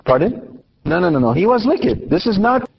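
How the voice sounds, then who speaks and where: A man's voice: high-pitched, big pitch swings, normal speed, vocal fry, husky, muffled recording. A man teaching on Scripture and the liturgy to a class, putting questions to his listeners and answering them himself, with frequent restarts. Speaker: Catholic teacher. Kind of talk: Bible teaching talk.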